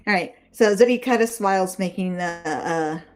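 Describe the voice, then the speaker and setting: A woman's voice: fairly low pitch, moderate pace, faint music behind. A woman playing in a tabletop game, narrating her character's actions in a chatty, giggly way with many fillers. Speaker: player.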